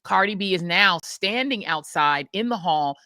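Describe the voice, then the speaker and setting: A middle-aged American woman hosting a podcast, telling a story in lively casual chat and acting out the people she quotes. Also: fairly low pitch, moderate pace, dry recording. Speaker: podcast host.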